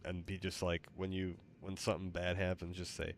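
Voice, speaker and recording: A man streaming a game, chatting playfully and haltingly with his AI companion. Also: deep voice, a little hiss or hum. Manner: playful, halting, lots of fillers. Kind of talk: casual stream chat.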